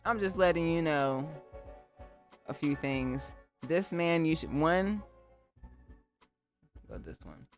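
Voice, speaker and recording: Her voice is deep and her pace slow, with long pauses between thoughts. Hosting a live music-production stream, the beatmaker keeps things chatty and animated, talking right to the people watching.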